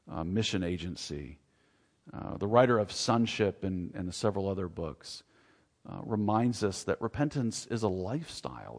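A man's voice: on the low side, big-room sound. A man preaching a sermon as pastor, earnest and preacherly, often rising into emphatic questions.

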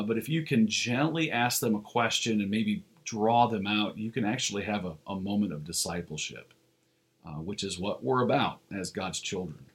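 A man's voice: on the low side, fairly bright tone. Earnest male pastor preaching a sermon. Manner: earnest preaching, slows for emphasis, frequent "uh" fillers.

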